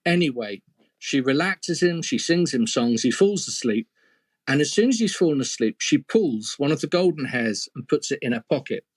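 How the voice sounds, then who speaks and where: A man's voice: medium pitch, lively intonation, normal speed, no echo. A man telling a folk tale as a storyteller, playful, with humorous asides. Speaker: storyteller and mythologist.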